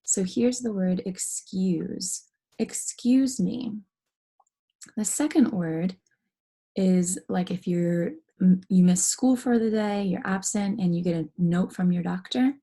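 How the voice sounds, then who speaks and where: Woman teacher, phonics lesson, low mellow voice, slow careful explaining. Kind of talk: phonics lesson for young students.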